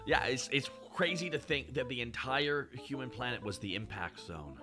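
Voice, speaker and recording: A man streaming, chatting with his chat in an animated way, swearing and laughing often. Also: mid-range voice, moderate pace, soft background music. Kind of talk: casual chat.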